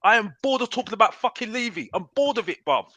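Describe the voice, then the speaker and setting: A man's voice: sits high, expressive, fast, sharp tone, no echo, muffled recording. A man ranting in a heated football debate, repeating "bruv" and talking over the others. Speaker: panelist on a football talk show.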